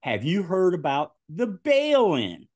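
A man's voice: high-pitched, slow pace, no echo, clean studio sound. A man, a podcast guest telling stories in casual chat and laughing often. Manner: animated, laughing often through his stories.

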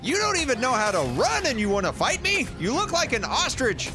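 A man giving jokey, animated commentary while playing a survival game and talking to the creatures in it. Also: very high voice, brisk, over music. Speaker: gaming YouTuber. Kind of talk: playthrough commentary.

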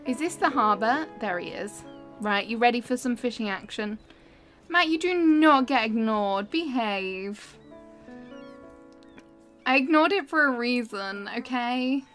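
A woman's voice: on the high side, lively intonation, measured pace, a bit bright, faint music behind. A woman live-streaming a cozy game, giggly and chatty as she talks to her chat.

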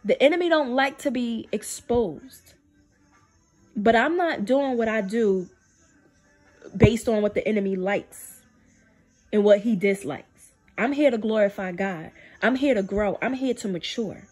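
Woman sharing her faith to camera; emphatic, repetitive delivery in a somewhat high voice. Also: a little slow, soft background music. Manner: emphatic, repeats phrases for stress; drops low and soft to quote God. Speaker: faith video speaker. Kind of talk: spiritual testimony to camera.

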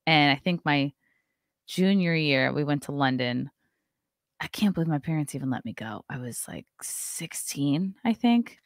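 A woman's voice: sits low, moderate pace, no echo, studio quality. An American woman hosting a podcast, asking playful questions and joking about herself in casual chat. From United States. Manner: playful, self-deprecating, lively questions. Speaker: podcast host.

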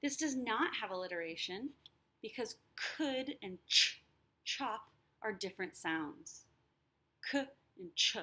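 A woman teacher explaining a lesson, sounding out words slowly and clearly. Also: mid-range voice, lively intonation, sharp tone. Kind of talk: recorded lesson.

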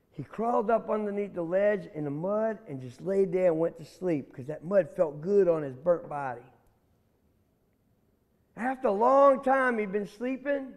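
A man's voice: sits high, highs cut off. Folksy storyteller man. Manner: animated, folksy, addresses listeners. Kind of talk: oral folk storytelling. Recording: long hall reverb.

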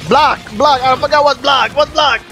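Excitable high-voiced gamer guy. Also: moderate pace, creaky, soft background music. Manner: excitable, swears and shouts at the game. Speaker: gameplay commentator. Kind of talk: casual let's-play commentary.

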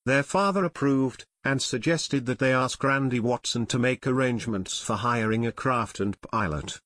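A man narrating an unabridged audiobook in a steady storytelling manner on a close mic. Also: mid-range voice, normal speed, no echo. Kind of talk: scripted narration.

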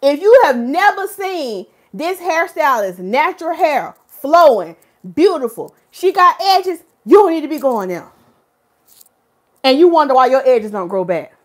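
A woman with a fairly high voice hosts a casual live stream about hair care. She greets viewers from the chat by name and turns animated and preachy when she makes her points. It sounds like she is talking into a phone or webcam. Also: measured pace. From North Carolina, USA.

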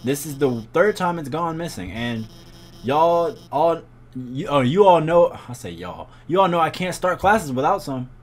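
A man's voice: a little high, a little slow. A man voicing a nervous, shy female lizard schoolteacher in a game, hesitant and full of ums and uhs. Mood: flustered.

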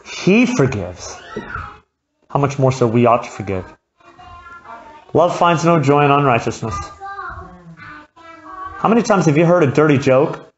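A woman's voice: sits low, expressive, a little slow, long pauses, muffled recording, soft background music. A woman preaching a sermon at a church gathering, talking in a conversational way and acting out the voices she quotes.

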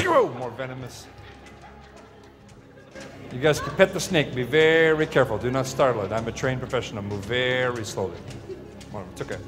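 A man's voice: medium pitch, fairly quick, pauses often, faint music behind. A man hosting a comedy hypnosis show on stage, teasing his volunteers with playful banter. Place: stage in a large hall. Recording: large hall with loud crowd.

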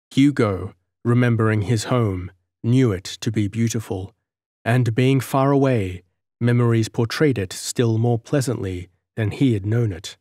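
A male audiobook narrator reads scripted text in a measured, expressive storytelling style. His pitch sits in the middle, and the recording is dry and studio quality.

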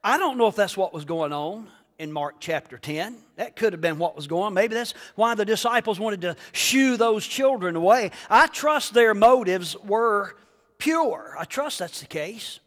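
A male pastor with a strikingly high voice delivers an animated sermon in a church sanctuary. He swings up into shouts and keeps throwing questions at the congregation. His voice trails off in a long hall reverb. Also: moderate pace.

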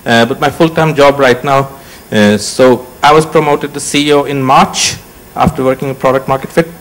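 A man's voice: mid-range voice, normal speed, a bit bright, poor audio. A man in his forties with a Swedish accent, a startup CEO introducing himself on a conference panel in short, joking, choppy phrases. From Sweden. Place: conference stage.

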